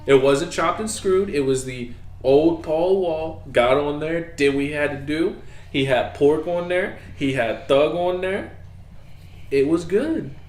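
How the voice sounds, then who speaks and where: Animated man telling a story in an echoey room. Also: a little high, a little slow. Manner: animated storytelling, acting out his own reactions. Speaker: podcast co-host. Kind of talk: casual podcast chat.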